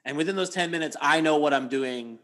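A man's voice: on the high side, fairly quick, fairly bright tone. A middle-aged man in casual chat, telling stories animatedly, swearing and acting out his own outbursts.

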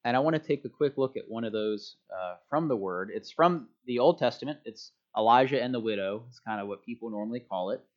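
A man giving a relaxed, chatty sermon to a church congregation, joking about himself as he goes. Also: medium pitch, brisk, few pauses. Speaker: preacher. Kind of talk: casual sermon. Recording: dull lo-fi sound.

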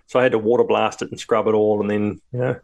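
A man's voice: fairly low pitch, flat delivery, fast, vocal fry, highs cut off. A man with a New Zealand accent, tired and laid-back, chatting as podcast co-host with casual slang and swearing.

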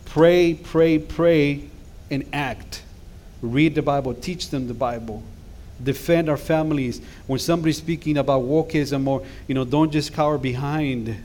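A middle-aged man, a guest pastor, preaches an impassioned sermon in a church sanctuary that builds into emphatic calls to action. His mid-range voice moves at a moderate pace and sounds slightly mellow. A faint hiss or hum runs under the recording.

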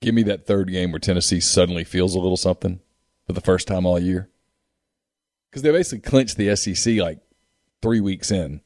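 A man co-hosting a sports podcast, easygoing and quick to agree with his partner. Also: sits low, darkish tone, dry recording, clean studio sound. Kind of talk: casual sports talk.

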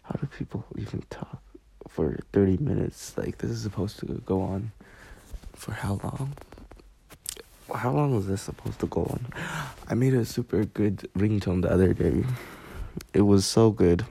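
Recording from a squeaky bed in his bedroom, a young podcast host rambles solo in goofy, self-deprecating fashion. He speaks at a measured pace in a lowish, creaky, warm voice with a breathy edge and no room sound.

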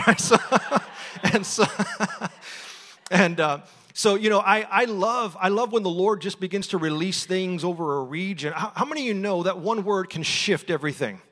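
In a church sanctuary with long hall reverb, a middle-aged guest preacher from Texas speaks at normal speed in a high, bright, forceful voice. He tells stories in a conversational sermon and laughs a lot.

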